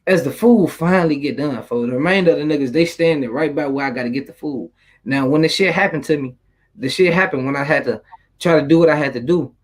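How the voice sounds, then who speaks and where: High-voiced young man, rambling story. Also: fast, poor audio. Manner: streetwise slang, loose and rambling, swears freely. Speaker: YouTuber telling a story. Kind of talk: casual storytelling.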